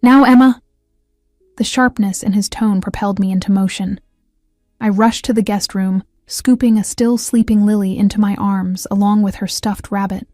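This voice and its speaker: A woman reading first-person audiobook narration in an even, measured way. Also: mid-range voice, dry recording, clean studio sound, faint music behind.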